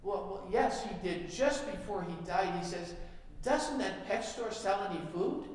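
A man voicing a young woman who complains to a pet store manager that her parrot is defective, in a higher exasperated voice during a told joke. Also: expressive, unhurried. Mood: complaining. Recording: echoey hall, mic far off.

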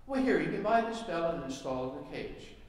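A man's voice: fairly high pitch, animated, brisk, voice pushed up, natural voice. Figure: patient pet store manager played by a man. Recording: echoey hall. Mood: reassuring. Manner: patient, reassuring salesman. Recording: echoey hall, mic far off.

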